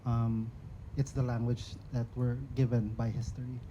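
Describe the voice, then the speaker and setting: A man's voice: medium pitch, little pitch movement, normal speed. A man from the Philippines whose first language is Cebuano, speaking English with a Filipino accent on a discussion panel, reflective and chatty with lots of fillers. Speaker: panelist poet. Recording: slightly muffled with faint noise.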